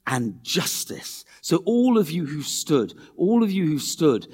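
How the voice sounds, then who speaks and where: A man delivering a church sermon, his voice a touch higher than most men's. He talks earnestly and with animation, repeating key phrases and slipping into quoted voices. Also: sing-song, a little slow, mellow, husky. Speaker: preacher.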